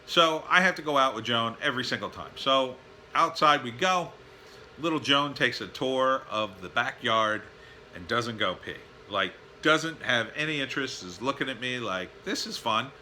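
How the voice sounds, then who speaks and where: Bright-voiced man telling a rambling home story. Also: medium pitch, animated, moderate pace, slight background noise. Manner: rambling, with many fillers and tired sighing asides. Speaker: vlogger. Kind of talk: casual storytelling vlog. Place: at home, backyard and indoors.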